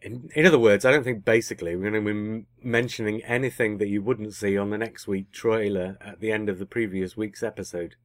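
Chatty and teasing, this podcast co-host keeps catching and fixing himself mid-sentence during a casual conversation. His lowish voice stays fairly even in intonation, moving a little fast with hardly any pauses, on a dry, studio-quality recording.

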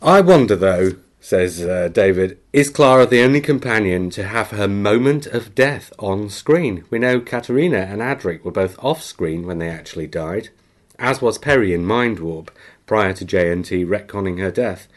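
A man with a fairly low voice hosts a casual podcast and reads a listener email out loud. He keeps it chatty and breaks off for dry, self-mocking asides and quick laughs. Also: animated. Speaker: podcast host.

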